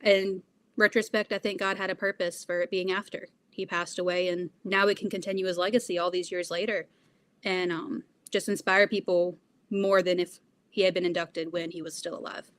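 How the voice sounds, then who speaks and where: A woman's voice: lowish voice, flat delivery, normal speed, a bit bright. A young woman being interviewed, answering in an earnest, reflective way with frequent fillers. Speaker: interview guest.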